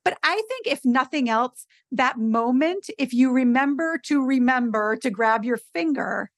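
A woman's voice: high-pitched, a little slow, dry recording, clean studio sound. A middle-aged woman, a podcast guest and advocacy expert, telling stories emphatically in casual conversation. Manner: animated storyteller, emphatic.

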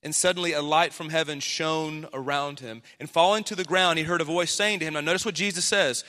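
Animated pastor preaching in a big hall. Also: male voice, a little high, fairly quick, hardly any pauses. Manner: animated, acts out quoted voices. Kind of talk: sermon. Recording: long hall reverb.

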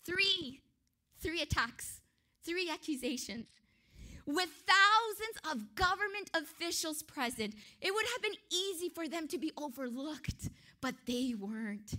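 A woman teaching a Bible study, excitable and emphatic, asking the listeners rhetorical questions. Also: high-pitched, measured pace.

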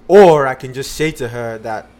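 Man, mid-pitched voice, casual podcast storytelling, rambling, many fillers and restarts. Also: normal speed, a little mellow. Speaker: podcast guest telling a personal story.

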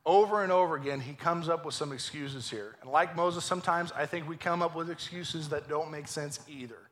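A man preaching a lively, joking sermon in a church, acting out voices as he goes. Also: a little high, a little fast. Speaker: pastor. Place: church sanctuary.

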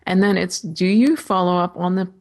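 A woman's voice: lowish voice, normal speed, darkish tone. A woman guest in an interview, telling her story casually and acting out her own inner voices with animation. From California. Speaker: author guest.

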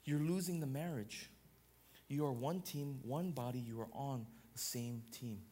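A man's voice: medium pitch, measured pace, dark tone. A man in his thirties preaching a sermon as pastor, emphatic, building points through repeated parallel phrases.

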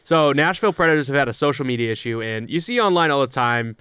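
A man's voice: mid-range voice, expressive, fairly bright tone, smooth, no echo, studio quality. A young man co-hosting a casual sports podcast, talking loosely and swearing often. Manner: loose and profane, quick asides. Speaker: podcast co-host. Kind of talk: casual hockey chat.

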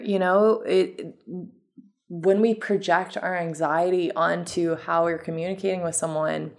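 A woman with a somewhat low voice and a noticeable vocal fry talks through her own podcast. She speaks casually and reflectively, as a health coach would, often leaning on fillers like "um" and "like" as she works through her ideas. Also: a little slow. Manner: relaxed and reflective, with frequent fillers like "um" and "like". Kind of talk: casual solo podcast monologue.

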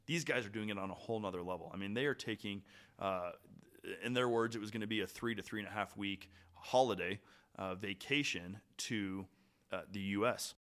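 A man hosting a podcast, telling a hiking story in a relaxed, chatty way with pauses and restarts. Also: lowish voice. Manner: animated, trailing pauses and restarts. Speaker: podcast host. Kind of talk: casual storytelling chat.

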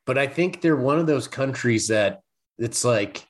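A man's voice: medium pitch, lively intonation, unhurried. A man co-hosting a podcast in loose, profane casual chat, full of fillers. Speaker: podcast co-host.

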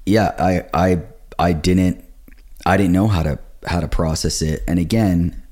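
Deep-voiced man telling a lively story. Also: a little slow. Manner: animated storyteller acting out quotes. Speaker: pastor telling his story. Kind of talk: casual podcast conversation.

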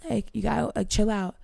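Young woman, fairly high voice, animated storyteller, dry close-miked sound. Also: creaky, dry recording. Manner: animated, acts out voices, gets loud when retelling arguments. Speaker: podcast co-host. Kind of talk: casual storytelling chat.

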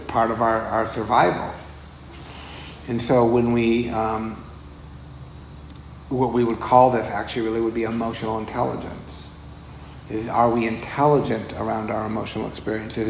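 A man, a meditation teacher, giving a casual dharma talk. He talks conversationally, repeats words and chuckles often. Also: mid-range voice. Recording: roomy echo, faint background noise.

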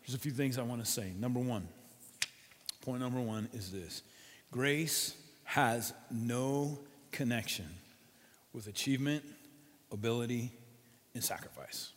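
A male pastor preaching a sermon through a story, with dramatic swings between quiet and loud. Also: mid-range voice, normal speed, pauses often. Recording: long hall reverb.

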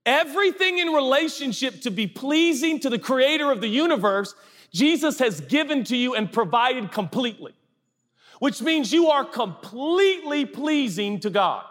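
A man's voice: very high voice, animated, normal speed, fairly bright tone. A man pastor giving a sermon in a large theater, talking in a conversational, humorous and emphatic way. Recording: live hall reverb.

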